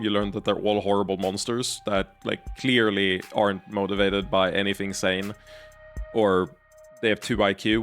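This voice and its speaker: Brief: male streamer, low voice, casual thinking-aloud commentary, faint music under. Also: fairly bright tone. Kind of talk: live game commentary.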